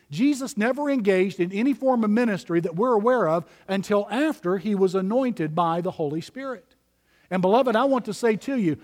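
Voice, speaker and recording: A man's voice: high-pitched, big-room sound. A man preaching a sermon as pastor, emphatic and direct, calling his listeners beloved.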